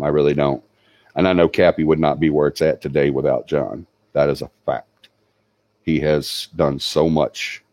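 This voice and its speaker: A man, hosting a paranormal channel, gives a halting, heartfelt tribute full of fillers. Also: rumbling low, darkish tone, no echo. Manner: halting, sincere, many fillers. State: tearing up. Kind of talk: emotional livestream tribute.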